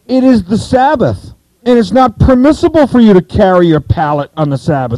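A man preaching an expository sermon in a conversational, animated way, sometimes acting out voices from the Bible stories. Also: high-pitched, moderate pace, dry recording, poor audio.

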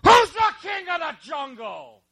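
A man voicing a swaggering, bossy male lion who shouts his questions at other animals in a told joke. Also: extremely high pitch, sing-song, measured pace, vocal fry, dry recording, clean studio sound, some chatter behind, pitched above the performer's own voice, full character voice. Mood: bossy shouting. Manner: loud, bullying shouts.

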